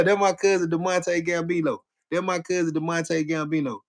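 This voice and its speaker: Man, livestream host, slightly high voice, loose slangy chat, repeats himself. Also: steady tone, normal speed, few pauses. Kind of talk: casual live chat with viewers.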